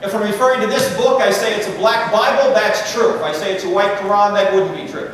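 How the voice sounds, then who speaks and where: Middle-aged male speaker, higher register, wisecracking lecturer, booming hall reverb. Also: steady tone, fairly bright tone, a little hiss or hum. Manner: joking, conversational, quick asides to the crowd. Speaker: guest speaker. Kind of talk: humorous lecture to a live audience. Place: large university lecture hall. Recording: echoey hall, voice picked up from far off.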